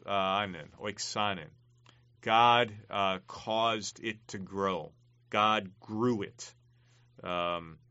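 A man teaching a class on a Greek text, halting often with ums and uhs and stressing key words. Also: lowish voice, pushed and bright, dry recording. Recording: dull lo-fi dry recording.

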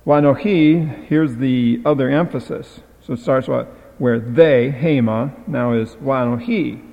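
A man teaching a Bible passage as a lecture, explaining Hebrew grammar in a halting way with frequent filler sounds. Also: medium pitch, creaky. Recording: dull lo-fi sound in a reverberant hall.

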